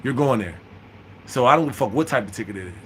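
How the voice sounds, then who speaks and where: A man in his thirties telling a prison story in an animated, profane, slang-heavy way, with lots of restarts. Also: mid-range voice, fast, a little hiss or hum. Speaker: vlogger. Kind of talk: storytime monologue.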